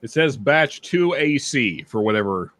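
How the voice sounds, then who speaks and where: A man's voice: mid-range voice, very animated, a bit bright, no echo. Chatty man greeting viewers on a dry mic. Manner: chatty, reads out viewer names with quick greetings. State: stuffy nose. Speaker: livestream host. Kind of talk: casual chat.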